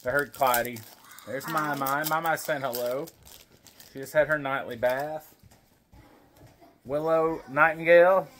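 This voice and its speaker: A man's voice: on the high side, a little slow, pauses often, a bit bright, a little hiss or hum. A man casually opening wrestling card packs at home, reading names aloud and chatting to his baby as he goes. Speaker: wrestling card collector vlogger. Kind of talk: casual pack-opening chat.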